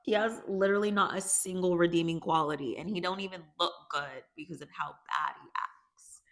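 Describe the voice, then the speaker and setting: A woman casually recapping a TV season for a video, chatty and animated, breaking off with her own reactions. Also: on the low side, brisk, gravelly. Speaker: YouTube recap host.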